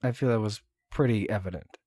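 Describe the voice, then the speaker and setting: A man's voice: lowish voice, fairly quick, darkish tone, no echo, clean studio sound. A man co-hosting a podcast in casual chat, rambling with lots of ums and likes. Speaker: podcast co-host sharing his movie list.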